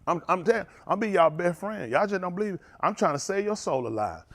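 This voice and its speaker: Animated preacher man with a high, swooping voice. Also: fast talker. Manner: animated, confrontational preaching with congregation call-outs. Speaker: pastor. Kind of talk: sermon.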